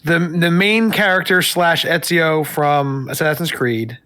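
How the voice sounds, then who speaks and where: Rambling man with a slightly high voice. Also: measured pace, sharp tone. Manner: rambling, thinks aloud with many fillers. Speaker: guest, streamer. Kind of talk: casual interview chat.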